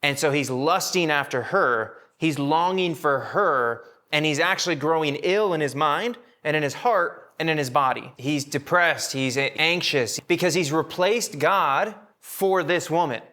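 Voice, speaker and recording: A man's voice: fairly high pitch, a little slow, hardly any pauses, pushed and bright. A man teaching a Bible study to a live group, talking casually and acting out the characters' lines in everyday slang.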